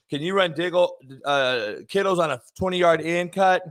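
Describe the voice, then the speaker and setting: A man's voice: sits high, fairly bright tone. A man hosting a sports talk show, brash and profane, reading sponsor spots and stretching words out for emphasis. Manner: brash, profane, shifts between drawn-out emphasis and quick bursts. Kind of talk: loud casual sports talk with ad reads.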